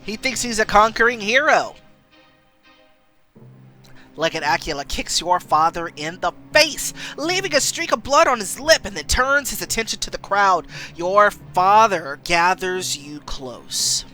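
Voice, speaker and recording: Animated woman streamer reading a game. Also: medium pitch, unhurried, faint music behind. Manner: animated, playful.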